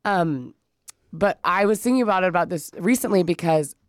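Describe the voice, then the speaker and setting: A woman in casual podcast chat, rambling through quick restarts and fillers. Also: on the low side, expressive, no room sound, studio quality. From California.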